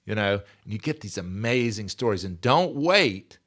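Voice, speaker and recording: Earnest man in his sixties, low voice. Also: sing-song, normal speed, a bit bright. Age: 60s. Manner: earnest, emphatic, repeats key phrases. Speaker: podcast guest. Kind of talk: conversational interview.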